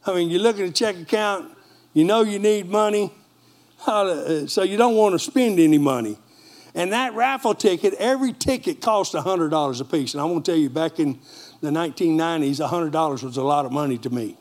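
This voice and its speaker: A middle-aged male pastor tells a story with energy during his sermon, turning to the congregation for responses. His voice sits high for a man. His preaching is lively, brisk, and story-driven.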